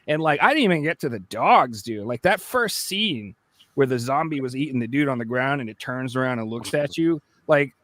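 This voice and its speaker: A man on a podcast, chatting casually and acting out lively voices as he tells a story. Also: mid-range voice, normal speed, dry recording. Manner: animated storyteller, acts out voices. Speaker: podcast co-host. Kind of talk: casual chat.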